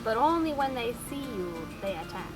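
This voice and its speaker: A woman's voice: a little high, sing-song, moderate pace, faint music behind, low-quality recording. A woman in casual chat, playfully reading out questions with dry asides. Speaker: co-host reading out audience questions.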